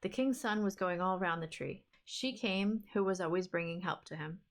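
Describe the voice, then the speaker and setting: A woman reading a fairy tale aloud for a book club stream, in a steady, even storytelling manner. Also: fairly low pitch, normal speed, few pauses.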